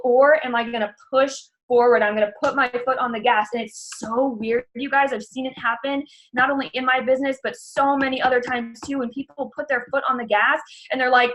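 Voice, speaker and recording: A woman's voice: fairly high pitch, moderate pace, fairly bright tone, poor audio. A young woman giving an earnest motivational pep talk to her sales team, repeating her key lines for emphasis.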